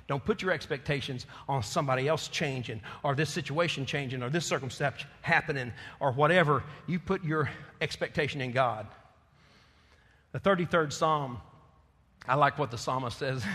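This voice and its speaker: A man preaching a sermon, moving from soft, close passages to loud, fervent ones. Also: fairly high pitch, slightly rough, in a large hall.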